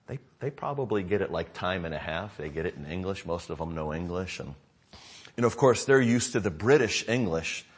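In a deep, slightly rough voice, this middle-aged American pastor preaches briskly and expressively. His sermon update to the congregation is a loose string of stories told conversationally, with many asides.

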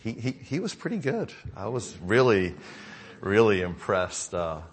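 A man's voice: on the low side, big pitch swings, measured pace, a little hiss or hum. A middle-aged American man preaching to his congregation, telling stories in a loose, conversational way with frequent asides. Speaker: pastor. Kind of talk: sermon update to a congregation.

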